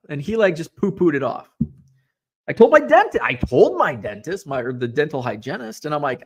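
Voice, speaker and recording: Animated rambling man telling a story. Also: fairly high pitch, moderate pace. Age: 40s. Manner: animated, rambling, self-mocking, swears casually. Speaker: host of a hobby show. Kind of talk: casual storytelling chat.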